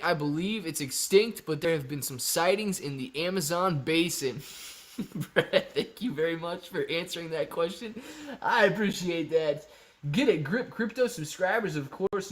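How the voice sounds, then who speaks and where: A man with a fairly high speaking voice hosts a casual live stream. He reads out viewers' comments, calls them "man" and "dude", and patiently walks through his answers. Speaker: live-stream host answering chat questions.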